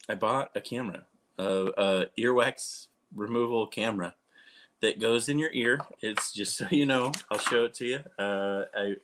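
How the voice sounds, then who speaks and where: A man's voice: on the low side, background noise. A man in his thirties chatting casually to camera, rambling and poking fun at himself with frequent restarts. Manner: rambling, self-mocking, restarts often. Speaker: vlogger.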